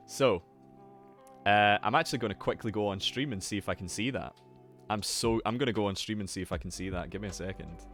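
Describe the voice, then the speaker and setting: A young man hosting a casual live stream, excitable, swearing freely and greeting his chat. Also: on the low side, a little fast. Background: faint lo-fi music.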